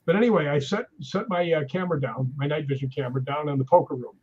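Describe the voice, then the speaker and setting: A middle-aged man spins animated stories as a guest in a relaxed chat. His voice is husky and sits a little high for a man. The sound is dull and lo-fi. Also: quick pace. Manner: animated anecdotal storyteller. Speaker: guest, stuntman. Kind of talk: casual storytelling in conversation.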